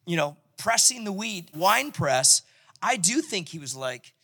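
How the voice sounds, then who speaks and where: Give me a lively male pastor with a high, animated voice, talking through a sermon. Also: measured pace. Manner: animated, conversational, acts out the scripture.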